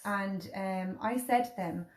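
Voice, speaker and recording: A woman's voice: medium pitch, slow. Irish woman telling a story in an echoey room. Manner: chatty storytelling, acts out quotes from others. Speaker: host. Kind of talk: casual chat.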